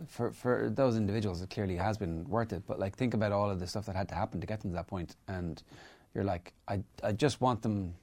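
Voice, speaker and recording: A man's voice: on the low side, fairly even intonation, fast, hardly any pauses, darkish tone. A middle-aged Irish man hosting a podcast, talking casually and hesitantly, with frequent restarts and fillers. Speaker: podcast host. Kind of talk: casual chat.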